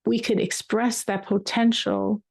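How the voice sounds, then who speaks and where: Gravelly-voiced woman teaching a class. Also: mid-range voice, little pitch movement, a little slow, dry recording, studio quality. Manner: emphatic, repeats words for weight. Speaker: Torah teacher. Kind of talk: storytelling class.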